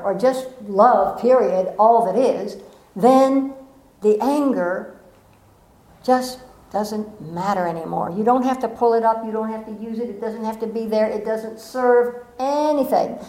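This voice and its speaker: A middle-aged woman giving a gentle, earnest spiritual talk with playful asides. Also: on the high side, unhurried, echoey room, rough recording. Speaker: spiritual speaker.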